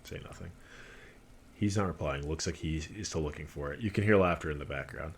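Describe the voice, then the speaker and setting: A man's voice: a bass voice, a little fast, slight background noise. A man streaming a game, reading its narration aloud with casual asides to himself.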